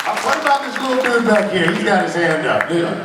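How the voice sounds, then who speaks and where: A man's voice: sits high, animated, quick pace, distant mic, over a noisy crowd, very noisy. A man on a convention panel, telling stories casually and playfully to the audience and laughing often. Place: large convention hall. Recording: echoey hall, mic heard from afar.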